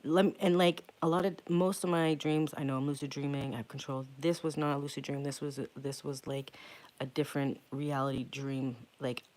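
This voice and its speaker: A man telling a rambling, profanity-laced story to camera in a casual vlog, often dropping to a hushed whisper. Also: mid-range voice, little pitch movement, brisk. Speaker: occult channel host.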